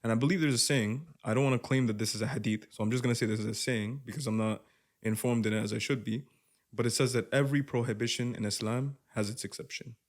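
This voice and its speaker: A man's voice: mid-range voice, quick pace. A man with a Canadian accent co-hosting a podcast, in casual chat, speaking animatedly and calling his friend bro. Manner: animated, says "bro" a lot. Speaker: podcast co-host.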